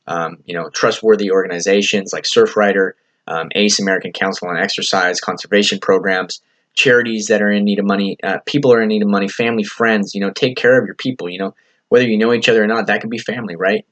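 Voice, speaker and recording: Male podcast host, slightly low voice, loose motivational monologue, earnest and rambling, swears casually. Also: fairly even intonation, fast talker, fairly bright tone, dull audio. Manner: earnest, rambling, heavy on "you know" fillers and swearing. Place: lives in California.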